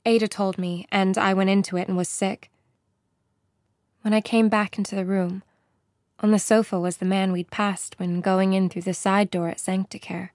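A woman's voice: mid-range voice, darkish tone, no echo. Woman narrating in a dry studio. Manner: plain first-person storytelling. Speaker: audiobook narrator. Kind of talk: scripted narration.

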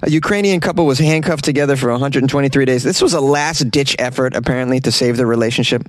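A man's voice: mid-range voice, fast. A man with a mid-range voice hosts a comic podcast of strange news, mocking each story with sarcastic asides. He is recorded in a small closet, and the sound is close and dry with no room echo. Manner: sarcastic, mocking commentary with laughs. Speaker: podcast host. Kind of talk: comedic weird-news podcast.

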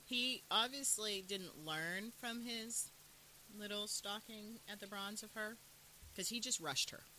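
A co-host in a casual chat, retelling scenes in a lively way and quoting characters. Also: medium pitch, a little slow, rough recording. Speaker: podcast co-host. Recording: faint hiss in background.

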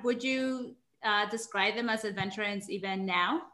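A woman's voice: medium pitch, normal speed, pushed and bright. A woman interviewer who asks encouraging questions, with small hesitations. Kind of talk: interview conversation.

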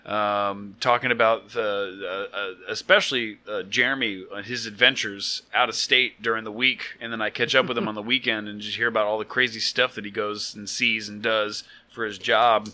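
A man's voice: lowish voice, fairly even intonation, moderate pace, hardly any pauses, pushed and bright, no room sound. A man co-hosting a podcast, chatting casually and reading plugs with lots of fillers and jokes. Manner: rambling, many fillers, jokey. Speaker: podcast co-host.

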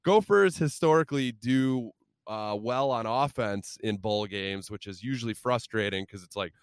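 A man's voice: mid-range voice, moderate pace, clean tone, no room sound, clean studio sound. A man co-hosting a sports podcast, chatting in a joking, crude, rambling way. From Minnesota. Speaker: podcast co-host. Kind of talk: casual sports chat. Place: moving minivan.

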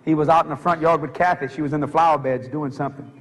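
A man preaching a humorous story, animated and laughing through his lines as he acts out sounds. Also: a little high, quick pace, long reverb tail.

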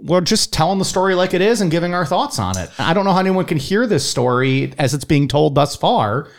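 A man's voice: on the high side, very animated, a little fast, creaky. Guy co-hosting a podcast, voice bouncing up and down a lot, chatty. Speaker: podcast co-host. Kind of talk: casual chat.

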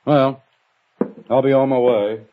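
An actor playing a friendly, polite police officer with an easygoing, courteous manner. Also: male voice, medium pitch, steady tone, takes it slowly, narrow, tinny audio, a little hiss or hum, natural voice. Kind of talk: vintage broadcast drama acting.

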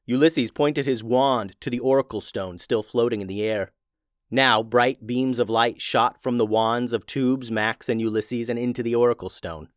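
A man reading a children's fantasy storybook aloud in a steady, expressive voice. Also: mid-range voice, moderate pace, no room sound, studio quality.

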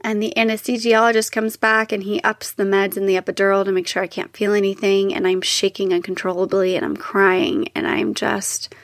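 A woman's voice: mid-range voice, a little fast, few pauses, dry recording, clean studio sound. A young woman telling her own birth story in a casual, emotional way, acting out what others said. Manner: emotional, tearful at times, quotes others in lively voices.

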